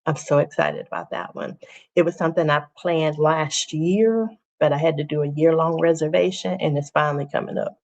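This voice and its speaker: A chatty woman talking casually to viewers on her own livestream, often saying things twice for emphasis. Her voice sits on the lower side, and the audio is a bit dull and lo-fi. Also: normal speed, creaky, a little mellow. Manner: chatty, repeats phrases for emphasis. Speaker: teacher and livestream host.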